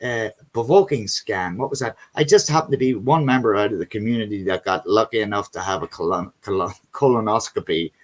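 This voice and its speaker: A man's voice: lowish voice, brisk, few pauses. A man hosting a casual video chat, telling rambling stories, swearing freely and calling people buddy and man.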